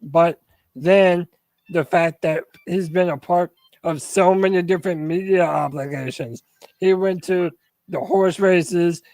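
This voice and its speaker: Animated high-voiced man, sports podcast co-host. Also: unhurried, vocal fry, no echo. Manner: animated, asks the panel questions. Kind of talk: casual sports talk.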